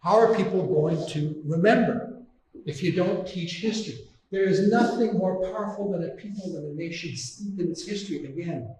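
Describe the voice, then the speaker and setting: A man's voice: a little high, darkish tone, distant mic, slight background noise. Indignant man lecturing in an echoey hall. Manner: impassioned, indignant, emphatic repetition. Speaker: guest lecturer. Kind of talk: public lecture with slides.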